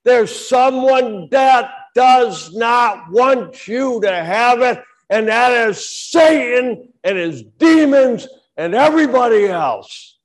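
Man, pastor, fervent sermon, unhurried delivery, sudden shouts. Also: very high voice, lively intonation. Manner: fervent preaching that swings from quiet to shouting.

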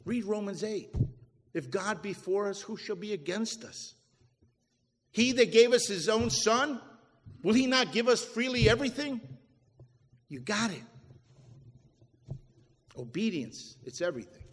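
A man with a high voice preaches a sermon, pushing some phrases hard and letting others fall quiet as he quotes scripture. His voice carries a long reverb, as from a large hall. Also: animated, a little slow, long pauses. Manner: preaching with rising and falling emphasis, quoting scripture. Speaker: pastor.

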